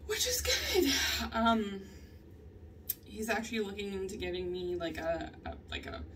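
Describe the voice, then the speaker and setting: A woman's voice: mid-range voice, expressive, measured pace. Young woman vlogging, cusses a lot, laughs at herself, mic kinda far, bit of background hum. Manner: candid, swears often, laughs through stories. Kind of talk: casual confessional vlog. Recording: distant mic with faint ambient noise.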